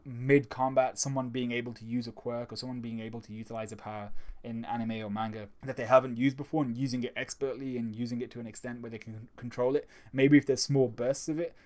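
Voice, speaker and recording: Excitable young man reviewing manga. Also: mid-range voice, fast. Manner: excitable, chatty, with repeated restarts. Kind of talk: casual manga chapter review.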